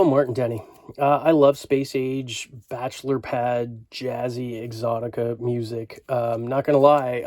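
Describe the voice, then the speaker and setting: A man's voice: mid-range voice, darkish tone, no room sound. A man in his fifties from Canada, flipping through his record collection in a rambling, enthusiastic casual vlog full of fillers.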